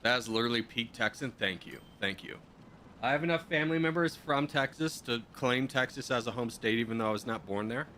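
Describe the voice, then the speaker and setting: A man's voice: mid-range voice, fairly quick, sharp tone, slight background noise. A man casually commenting on his own gameplay while live streaming, muttering to himself as he builds and answering chat.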